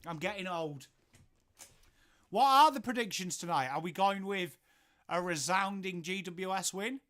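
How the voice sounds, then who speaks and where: An English-accented man hosts a live stream from home in a relaxed, chatty way. His voice sits a touch higher than most men's. He keeps addressing viewers by name and answering their messages as they come in. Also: unhurried. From England. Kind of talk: casual live watchalong chat.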